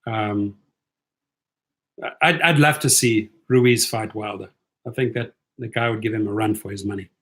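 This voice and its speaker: A man's voice: fairly low pitch, fairly even intonation, normal speed, long pauses, fairly bright tone. A man with a South African accent hosting a casual live stream, reading out viewer questions and answering them in a chatty, blunt way. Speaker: livestream host answering viewer chat.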